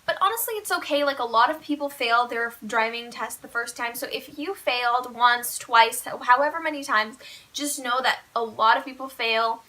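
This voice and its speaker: A teenage girl spills a storytime to her viewers in a chatty, animated rush, with "like" in nearly every phrase. Her voice sits high and sounds bright and sharp. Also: moderate pace. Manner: chatty, fillers of "like", animated retelling. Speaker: vlogger. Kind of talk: casual storytime vlog.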